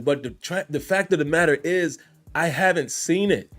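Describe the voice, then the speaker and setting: A man's voice: a little high, lively intonation, normal speed, fairly bright tone, faint music behind. Conversational man hosting a fan podcast. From Richmond. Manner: conversational, addresses listeners directly. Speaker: podcast host. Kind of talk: casual sports commentary.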